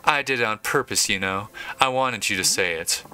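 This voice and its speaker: A man voicing a sharp-tongued young woman who teases her shy sweetheart. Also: normal speed. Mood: teasing. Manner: raised-pitch reading of a female role.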